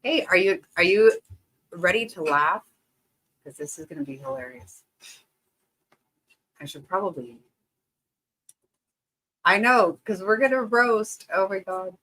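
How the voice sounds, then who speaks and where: A woman's voice: lowish voice, measured pace, pauses often, poor audio. Bubbly woman hosting a livestream. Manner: bubbly, excitable, laughs often. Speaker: livestream host. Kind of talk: casual livestream chat greeting viewers.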